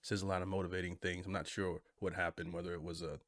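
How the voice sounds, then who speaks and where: A deep-voiced man reacts to comedy clips in a relaxed, rambling way. His voice sits close and dry on the mic. He drifts through asides as he goes. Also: quick pace, no room sound. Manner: laid-back, rambling, many asides. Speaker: reaction video host. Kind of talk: casual reaction commentary.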